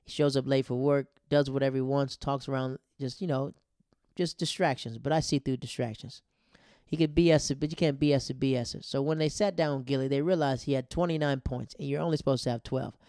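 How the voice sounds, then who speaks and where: A man telling a casual, animated story in slangy talk, laughing often as he goes. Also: mid-range voice, fairly quick, clean tone, no room sound, studio quality.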